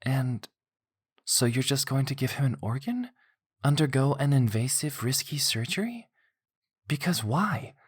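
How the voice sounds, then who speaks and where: A man's voice: medium pitch, animated, a little slow, breathy edge, voice pushed up. A man voicing a caring, anxious young woman in an audiobook, questioning and rising with alarm.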